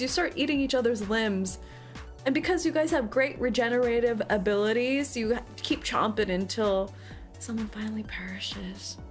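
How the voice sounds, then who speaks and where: A woman VTuber chatting playfully with her stream audience, full of mock outrage and laughter. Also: high-pitched. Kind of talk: casual livestream chat.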